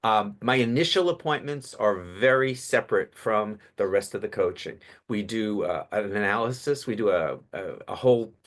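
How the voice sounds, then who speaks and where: A man in his fifties, a public speaking coach interviewed as a guest, telling stories with animated delivery. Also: fairly low pitch, normal speed, hardly any pauses. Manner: animated storyteller, acts out voices. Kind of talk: casual podcast interview.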